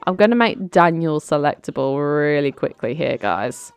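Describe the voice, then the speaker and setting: A woman's voice: low-pitched, animated, moderate pace, clear, resonant tone, dry recording. A woman chatting casually as she narrates a life-sim game. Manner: chatty, lightly amused. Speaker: let's play host.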